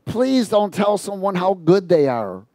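A man preaching an informal sermon on a psalm in an animated, mocking way, laughing at his own asides. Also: sits high, unhurried, no room sound.

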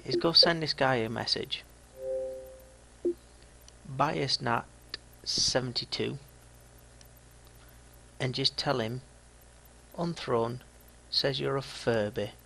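Gravelly Yorkshire gaming vlogger man. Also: mid-range voice, takes it slowly, long pauses, sharp tone, slight background noise, poor audio. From Yorkshire, England. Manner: dry, mocking, chatty. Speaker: gaming YouTuber. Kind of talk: casual video commentary.

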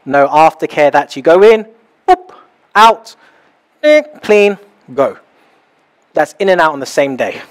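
A young man preaching a sermon in a small house church, animated and acting out little scenes as he talks. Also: a little high. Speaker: pastor.

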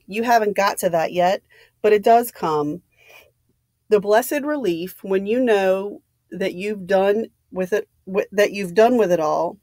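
Old soldier, gentle and grave, low-key; read by a woman. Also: dry recording, clean studio sound, lightly acted. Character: old male army general, quiet and weary.

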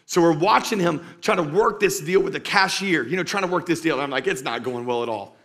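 Pastor, male, slightly high voice, live sermon in church, emphatic and repetitive. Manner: emphatic, repeats key lines for stress; shifts between loud urging and slow quiet emphasis. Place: church stage before a live congregation.

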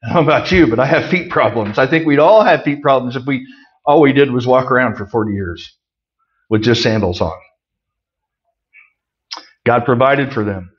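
A middle-aged man preaching a conversational sermon, folksy with joking asides, swinging from loud emphasis to quiet remarks. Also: mid-range voice, moderate pace, pauses often, lo-fi sound. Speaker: pastor.

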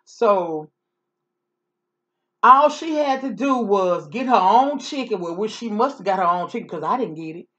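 A woman's voice: mid-range voice, animated, moderate pace, fairly bright tone, lo-fi sound. A woman vlogger chatting casually through a story, sassy and repetitive.

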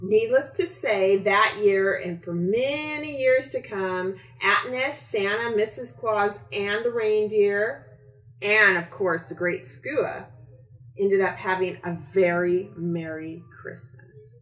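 A woman author reading her children's book aloud, slow and expressive. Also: medium pitch. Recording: echoey room.

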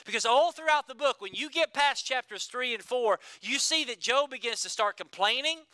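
Pastor, male, higher-pitched voice, dry close sound, preaching with repetition and sudden hushed drops. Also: animated, moderate pace, dry recording. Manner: preaching with emphatic repetition, swinging between loud and hushed. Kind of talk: sermon.

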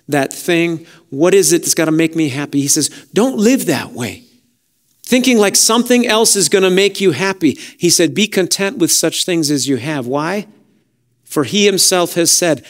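A male pastor preaching a sermon with fervour, dropping to hushed lines and rising to exhortations, repeating praise. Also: fairly high pitch. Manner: impassioned preaching, swinging between soft hushed lines and raised exhortations; fervent, with repeated "praise God" and "hallelujah".

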